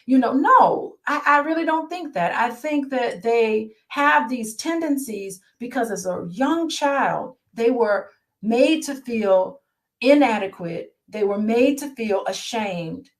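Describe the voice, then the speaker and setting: Woman therapist, slightly high pitch, reads a book aloud and talks it through, friendly check-ins with the audience. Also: expressive, slow pace. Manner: conversational, checks in with listeners. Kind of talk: reading a book aloud and commenting.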